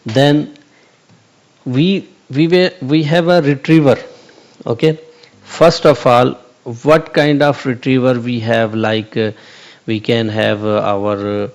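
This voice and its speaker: Man, tutorial host: halting delivery, frequent fillers, mid pitch. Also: fairly even intonation. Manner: hesitant, many fillers and restarts, repeats "okay". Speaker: channel host explaining AI concepts. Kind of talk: whiteboard tutorial, unscripted.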